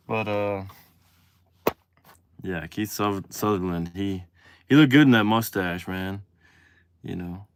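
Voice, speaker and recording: Deep-voiced man chatting on a livestream. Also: slow, pauses often, clean tone, no echo. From Texas. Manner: relaxed, chatty, drifting from low mumbles to excited bursts. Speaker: livestream host. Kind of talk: casual livestream chat reading comments.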